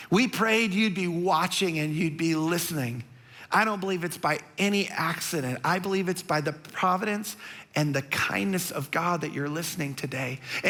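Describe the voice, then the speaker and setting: A man preaching a sermon as a pastor, telling a story with animated emphasis and speaking softly and earnestly when he turns to his listeners. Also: sits high. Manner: drops to a soft, earnest tone when addressing listeners directly.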